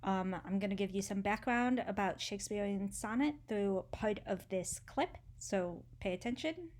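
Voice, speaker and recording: Woman teacher, easygoing classroom explainer, steady middle pitch. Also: normal speed. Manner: casual, relaxed explaining with fillers. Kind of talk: classroom mini lesson.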